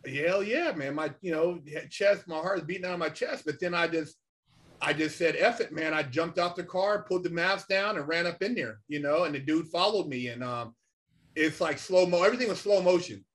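A middle-aged man telling a story casually and animatedly, swearing often and filling pauses with "you know" and "man". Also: fairly high pitch. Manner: animated, swears a lot, many fillers. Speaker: podcast guest.

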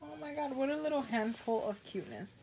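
A woman's voice: sits high, lively intonation, brisk, gravelly, warm tone, a little hiss or hum. A woman vlogger in casual unboxing chat at home, gushing and exclaiming often, trailing off mid-sentence. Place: home with a pet bird.

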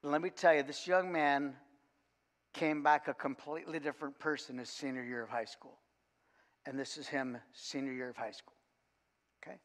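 A man, a coach, giving a sermon in a church and telling a lively, funny story with frequent restarts. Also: medium pitch, moderate pace, long pauses. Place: church sanctuary. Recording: long church reverb.

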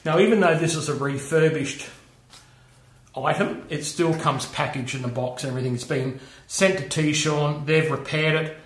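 A man's voice: on the high side, normal speed, reverberant. A man giving a casual workshop demonstration of machining tools, chatty, often checking in with "okay" and "all right". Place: home workshop.

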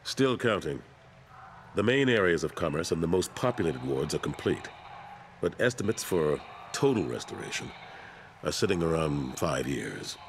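An actor voicing a weary older male soldier turned councilor in a video game, speaking calmly and earnestly. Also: very deep voice, moderate pace, creaky, slight background noise, exaggerated voice.

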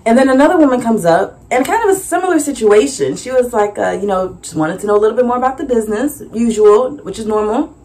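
Lively young woman telling a vendor story. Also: fast. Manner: animated, acts out dialogue with big pitch jumps and laughs. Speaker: vlogger and small business owner. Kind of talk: casual storytelling recap.

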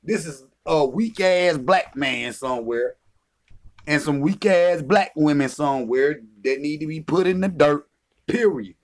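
Heated, profane man ranting on camera. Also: on the high side. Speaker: vlogger. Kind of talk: confrontational rant.

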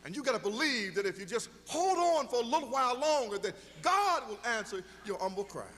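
A man's voice: very high voice, very animated, brisk, fairly bright tone, long reverb tail. A middle-aged man preaching a sermon as pastor, telling stories and building to emphatic exhortation.

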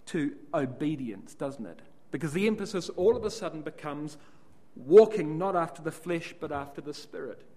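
A man's voice: a little high, darkish tone. Man explaining scripture verse by verse. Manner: explanatory, asks and answers his own questions; reads scripture aloud and unpacks it verse by verse. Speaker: Bible class speaker. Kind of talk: Bible study talk.

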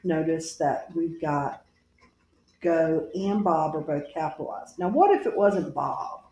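A woman teacher records a grammar lesson for her class, working patiently and deliberately as she spells out each punctuation mark aloud. Her voice sits low with a dark tone and an animated delivery, in a reverberant space.

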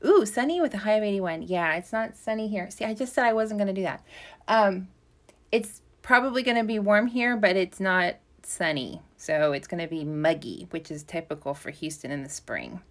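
A woman's voice: mid-range voice, normal speed, fairly bright tone. A woman hosting a casual live stream from her craft shop, talking in a chatty, rambling way with lots of ums and self-corrections.

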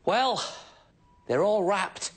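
Husky and pitched high, a children's show presenter gives a full character voice to a cheerful station helper who chatters to himself while pottering about. He draws out his words, his voice swinging in lively sing-song rises and falls, always very polite and scripted like kids' television.

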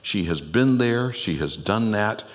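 Low-voiced guy preaching a sermon, chatty and earnest, echo of a big church hall. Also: animated, unhurried. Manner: earnest, conversational preaching with rhetorical questions. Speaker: pastor. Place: church sanctuary. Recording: long church hall reverb.

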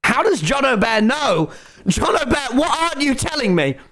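Excitable, high-voiced man streaming a game. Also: normal speed. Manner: excitable, exasperated, swears and rants at the screen. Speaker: gaming streamer. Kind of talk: playing a game live, talking to viewers.

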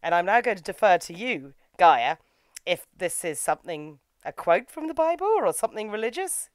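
A woman's voice: mid-range voice, big pitch swings, normal speed, no room sound. A woman hosting a podcast, chatting casually and enthusiastically while recapping an anime. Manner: enthusiastic, gushing, acts out quotes. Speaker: podcast host. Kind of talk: casual anime review chat.

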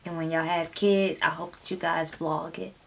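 A woman's voice: fairly low pitch, level tone, moderate pace, gravelly. A woman hosting a music reaction video, talking in a flirty, playful and crude way, sometimes dropping to a whisper. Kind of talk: casual reaction commentary.

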